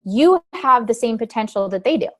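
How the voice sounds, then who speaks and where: A woman in her thirties telling a team meeting a motivational story from her own life, acting out her past panic in lively bursts. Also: fairly high pitch, normal speed. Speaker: motivational speaker.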